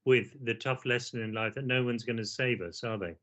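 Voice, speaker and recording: A man in a gentle therapeutic conversation, speaking in a measured way and often ending his points with "don't we?". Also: medium pitch. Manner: measured, asks leading questions like "don't we?". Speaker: therapist host.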